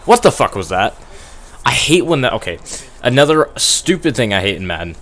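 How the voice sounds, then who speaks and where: A young man comments on a football video game at home on a TV, speaking through a gaming headset in a casual, rambling, self-deprecating way. He laughs often and gets worked up over plays, his mid-range voice fairly bright, brisk, and swinging widely in pitch.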